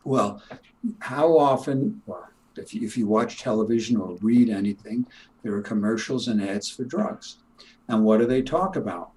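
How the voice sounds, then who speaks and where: A man's voice: on the low side, animated, normal speed, a little mellow, low-quality recording. Emphatic older man, retired chiropractor. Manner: emphatic, preachy, laughs at his own points. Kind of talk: casual interview chat.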